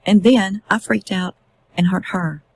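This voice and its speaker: A woman reading aloud voices a young husband making halting, subdued admissions, in a husky mid-range voice. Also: mid-range voice, fairly even intonation, rough recording. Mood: confessing.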